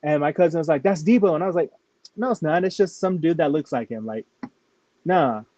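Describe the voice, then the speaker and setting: A man's voice: a little high, brisk, mellow, dry recording, dull audio. A man, a rapper from New Mexico, telling stories in a casual interview, filling nearly every phrase with "like". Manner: rambling, fills with "like" constantly.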